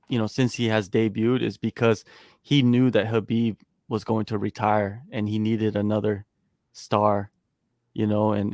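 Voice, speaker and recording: A man hosting a casual sports talk chat, emphatic and animated, often tossing in "man". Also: lowish voice, no echo, clean studio sound. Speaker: host.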